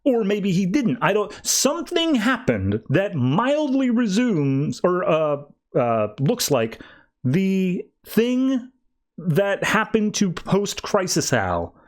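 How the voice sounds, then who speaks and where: A man on a podcast retells a comic book plot in a loose, chatty way. His voice sits a little higher than most men's. He slips into quick character voices mid-sentence without really changing his sound. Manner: animated retelling, voicing characters in quick asides. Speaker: podcast host. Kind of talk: casual comic recap.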